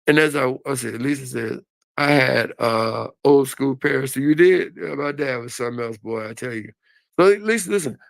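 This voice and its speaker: An older man telling a story in a casual, animated and folksy way on a live stream. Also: medium pitch, gravelly, no room sound.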